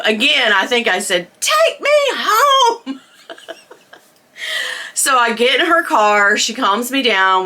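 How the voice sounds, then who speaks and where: Chatty middle-aged lady telling a story, bright tone, laughs a lot. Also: mid-range voice. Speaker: vlogger. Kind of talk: storytime chat.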